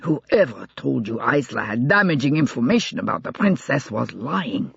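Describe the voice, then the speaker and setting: Performed by an audiobook reader, a proud male army colonel speaks with strain and stiff formality, always on the defensive. The voice has a slightly breathy edge. The recording is dry and lo-fi. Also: medium pitch, very animated, normal speed, a bit bright, dry recording, full character voice.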